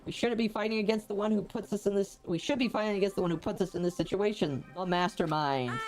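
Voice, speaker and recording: A woman's voice: mid-range voice, fast talker. A woman streamer playing a story game, reading the characters' lines aloud and cutting in with joking asides. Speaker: gaming streamer.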